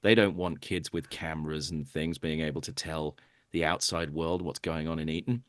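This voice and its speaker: A man's voice: rumbling low, fairly even intonation, normal speed, no echo, clean studio sound. A man, a comedian guest on a comedy podcast, telling rambling, sardonic stories over a video call.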